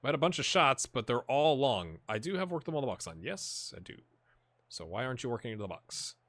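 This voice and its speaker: A man hosting a gaming video, chatting and reacting excitedly as he plays a football management game. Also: medium pitch, brisk, dry recording. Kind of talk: live commentary while playing a football management game.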